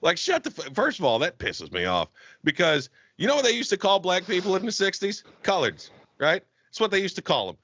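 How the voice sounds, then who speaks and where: A podcast host in casual chat, rambling and swearing freely. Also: male voice, sits high, huge pitch swings, a little fast, a bit bright, husky. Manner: profane, rambling, restarts. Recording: dry, slightly dull sound.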